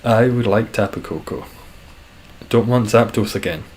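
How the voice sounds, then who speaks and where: A man chatting casually and dryly while live-streaming a game, describing his own voice as monotone. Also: fairly low pitch, normal speed, a little hiss or hum. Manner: dry, self-deprecating, calls his voice monotone.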